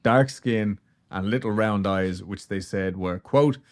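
A man with a lowish voice hosts a casual podcast. He tells an eerie story in a loose, rambling way, cracking jokes and swearing as he goes. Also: a little slow. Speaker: podcast host.

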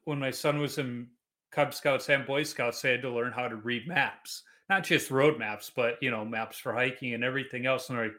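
Bright-voiced male podcast host. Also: mid-range voice, a little fast. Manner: storytelling, animated quoting of family. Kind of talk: casual interview chat.

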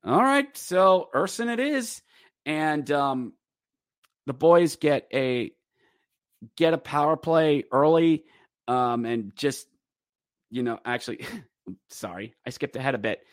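A man's voice: medium pitch, takes it slowly, pauses often, dry recording, studio quality. Chatty man recapping a hockey game. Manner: chatty, rambling with fillers, jumps into excited play-by-play. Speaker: podcast host.

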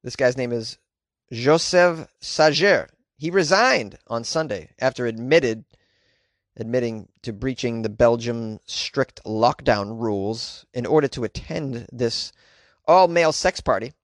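A man giving comedic news commentary in a sarcastic, animated way, laughing at the stories he reads. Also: mid-range voice, unhurried, dry recording, clean studio sound. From United States.

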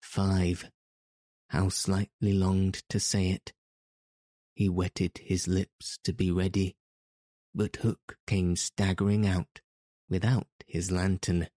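A man narrating an audiobook in a measured, even storytelling manner. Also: deep voice, dry recording, studio quality.

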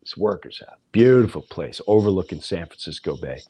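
A man's voice: sits low, a little fast, husky. A middle-aged man, a comedian hosting his own podcast, telling a rambling story in a casual way and acting out the voices of people in it. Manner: animated, rambling, acts out voices in his stories.

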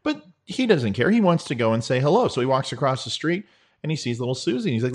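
A man's voice: medium pitch, very animated, fast. Folksy, joking male political host. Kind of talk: casual political commentary.

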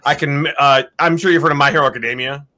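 A man in his thirties or forties chatting casually as a guest voice actor, animated and laughing often. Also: on the high side, fast talker. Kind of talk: casual chat.

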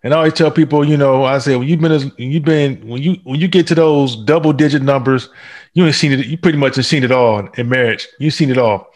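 A man of middle pitch hosting a loose panel chat. He speaks in an easygoing way with frequent fillers and affirming "yeah"s as he works through audience questions. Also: fast talker. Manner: relaxed, agreeable, lots of fillers while reading viewer questions. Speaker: host.

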